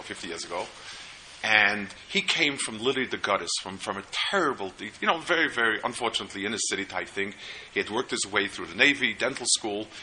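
A man lectures at a seminar in a very bright, sharp voice. He is earnest and stops and restarts as he tells stories to make his points. Faint hiss sits behind him. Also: fairly low pitch, poor audio. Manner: earnest, storytelling, halting restarts. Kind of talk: lecture on parenting.

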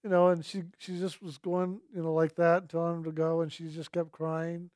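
A man telling a personal spiritual story in a gentle, earnest way, slowly repeating his key phrases. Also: on the high side, flat delivery, no room sound, clean studio sound. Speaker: speaker sharing a personal testimony.

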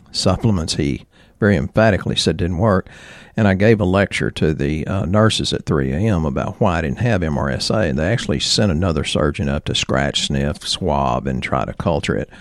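A man with a very low voice, talking as a chiropractor in a casual storytelling way. He speaks haltingly and keeps clearing his throat between thoughts. The sound is close and dry, with no room echo.

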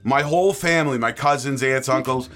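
Animated man telling a funny story. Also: medium pitch, a little fast. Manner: animated storyteller acting out quotes, laughing. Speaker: player. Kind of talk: comic personal anecdote.

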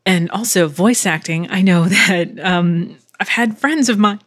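A woman's voice: lowish voice, measured pace, a bit bright, dry recording, studio quality. A woman voice actor hosting a casual solo podcast from her living room, rambling with many fillers and swearing freely.

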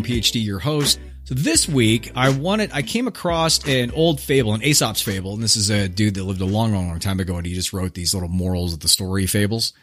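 A man's voice: fairly low pitch, a bit bright. A man hosting his own podcast, retelling an old fable in a laid-back, slangy, joking way. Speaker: podcast host. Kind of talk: casual storytelling monologue.

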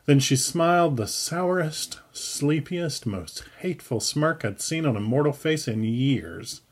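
A man reading his own story aloud in a wry, unhurried storytelling manner. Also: on the high side, animated. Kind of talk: audiobook narration.

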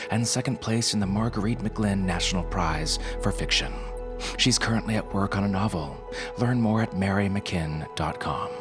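A very deep-voiced man introduces the show in a chatty, enthusiastic way, with a loose, informal delivery. Music plays clearly underneath him. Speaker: podcast host.

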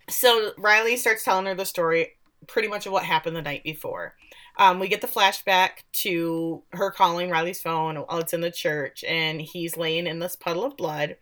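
A woman hosting a podcast, casually recapping a show in an animated way, often laughing and acting out the lines. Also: fairly low pitch, moderate pace.

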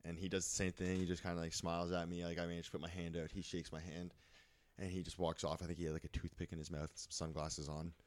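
A man co-hosting a podcast, telling con stories in a rambling, animated way with lots of swearing, a bit sweaty and out of breath. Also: low voice, fast. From Canada. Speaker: podcast co-host. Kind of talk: casual storytelling chat.

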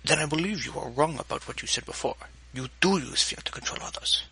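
A man voicing an annoyed male crime boss who speaks slowly with a heavy accent, in an audiobook reading. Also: medium pitch, steady tone, creaky, bright, forceful tone, slightly rough, no echo, heavily acted, poor audio. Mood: stern. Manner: slow, strained, annoyed.

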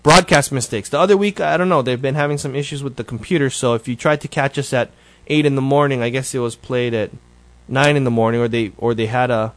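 A man's voice: medium pitch, fairly even intonation, quick pace, few pauses, no room sound. A man hosting his show, giving a casual, rambling update that is full of self-corrections. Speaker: show host.

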